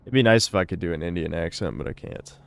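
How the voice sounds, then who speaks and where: Male streamer, low smooth voice, sardonic and foul-mouthed, live donation reading. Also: fast, no echo. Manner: sardonic and profane.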